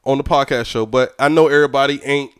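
A man's voice: medium pitch, fast, clear, resonant tone, dry recording, clean studio sound. A young man from Georgia with a Southern accent, chatting casually and profanely as a podcast guest. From Georgia, USA. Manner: animated, profane, slips into imitations.

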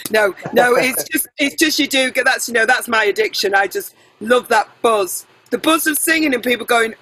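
A middle-aged woman singer being interviewed, chatty and animated, jumping between tangents and correcting herself. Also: fairly high pitch, normal speed, low-quality recording. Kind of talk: casual interview chat.

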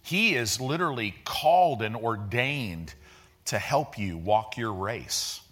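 Man preaching in a casual, lively way. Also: medium pitch, slow pace. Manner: conversational preaching with slang and vivid retellings. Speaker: pastor. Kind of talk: sermon.

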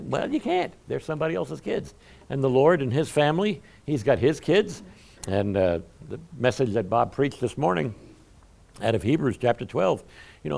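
A man preaching a sermon in a folksy, conversational way, often swinging from quiet asides to loud emphatic lines. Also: medium pitch, creaky.

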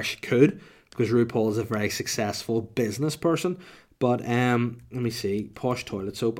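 A Northern Irish man chats on his podcast in a loose, rambling way, cracking jokes at his own expense. His voice sits at an ordinary male pitch, and he sounds sniffly from a cold. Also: a little mellow. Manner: jokey, rambling, self-mocking. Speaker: podcast host. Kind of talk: casual rambling podcast chat.

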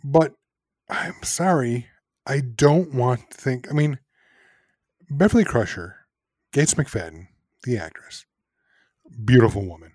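A man co-hosting a casual podcast, speaking at an ordinary middle pitch. He is sarcastic and laughs and swears freely as he critiques. The sound is dry and close. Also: animated, slow, pauses often, a little mellow, no room sound. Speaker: podcast co-host.

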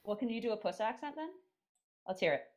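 A woman's voice: on the high side, animated, fast, darkish tone. A woman co-hosting a casual podcast, bantering sarcastically with the others. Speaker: podcast co-host.

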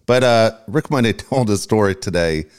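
A man co-hosting a casual sports talk show, swearing freely and telling animated stories. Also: lowish voice, moderate pace, clear, resonant tone. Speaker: co-host.

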